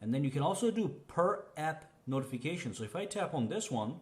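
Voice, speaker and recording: A man's voice: fairly high pitch, fairly quick. Man walking through phone settings casually. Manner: relaxed, walks through each setting with fillers and "okay?". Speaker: tech reviewer. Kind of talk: casual phone tutorial voice-over.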